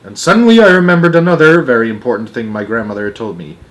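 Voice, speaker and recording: Expressive young man reading aloud. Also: mid-range voice, fast. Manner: expressive, with small slips and restarts. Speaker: storyteller. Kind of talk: reading a children's book aloud.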